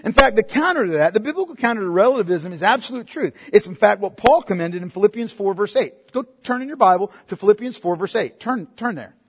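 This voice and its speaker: A man's voice: sits high, lively intonation, fast, hardly any pauses, slightly rough. A male pastor preaching a sermon, emphatic and full of rhetorical questions put to the congregation. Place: church sanctuary. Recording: long reverb in a large hall.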